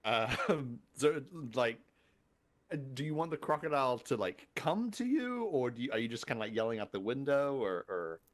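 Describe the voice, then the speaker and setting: A man's voice: medium pitch, sing-song, moderate pace. A man running a tabletop game as game master, narrating in a hesitant way with many fillers.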